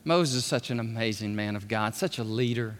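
A man preaching a sermon as pastor, animated and acting out scripture characters. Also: lowish voice, a little fast. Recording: echoey hall, voice at times far from the mic.

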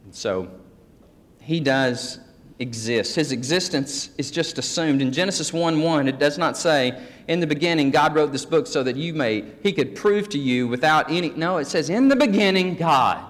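A man's voice: on the high side, normal speed, fairly bright tone. A man preaching a folksy teaching sermon, joking with his congregation. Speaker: pastor. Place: church sanctuary. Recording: long hall reverb.

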